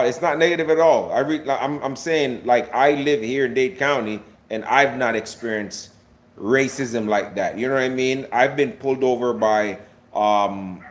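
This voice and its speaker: A Jamaican-born man with a fairly low voice talks loosely on a livestream. His speech rambles, circles back and stumbles over repeated words while he reads and answers chat. An American accent carries a light Jamaican lilt. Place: South Florida.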